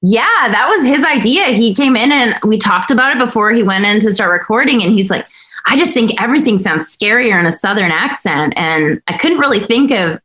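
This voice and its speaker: A woman's voice: fairly high pitch, animated, a little fast, a bit bright. A woman co-hosting a podcast, talking in a chatty way about writing a story, with fillers and restarts. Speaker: podcast co-host and writer. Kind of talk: casual podcast chat.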